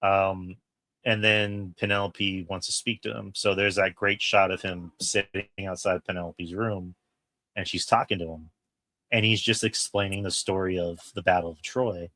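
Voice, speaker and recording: A man's voice: deep voice, flat delivery, moderate pace, sharp tone, no room sound. A man co-hosting a casual film review, retelling scenes in an emphatic way and swearing freely. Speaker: podcast co-host.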